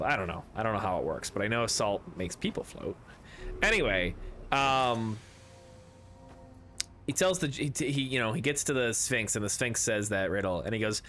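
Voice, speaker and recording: A man's voice: fairly low pitch, lively intonation, moderate pace, fairly bright tone, slight background noise. A man streaming a video game, chatting casually and rambling through jokes while reading chat aloud.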